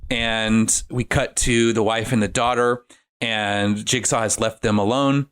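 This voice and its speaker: A man casually recapping a horror film's plot on a podcast, animated and profane, acting out the characters' lines. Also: lowish voice, measured pace, clean tone. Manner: animated, profane retelling with acted-out quotes. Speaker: podcast host. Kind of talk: casual comedic film recap.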